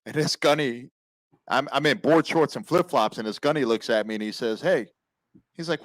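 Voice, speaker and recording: A man's voice: mid-range voice, moderate pace, dry recording. Laid-back swearing man, dry sound. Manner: laid-back, laughs often, swears freely. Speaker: guest veteran on live stream. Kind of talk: casual storytelling chat.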